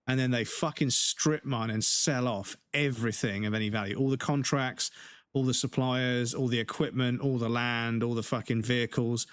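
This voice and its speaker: A man's voice: mid-range voice, no room sound, studio quality. A man streaming a game, ranting heatedly in casual chat and swearing constantly.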